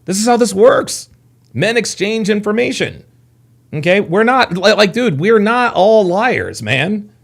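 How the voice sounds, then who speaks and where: A man's voice: high voice, very animated, a little slow, gravelly. A man hosting a live reaction show, heated and exasperated, cursing and repeating himself as he argues with a clip. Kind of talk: animated reaction commentary.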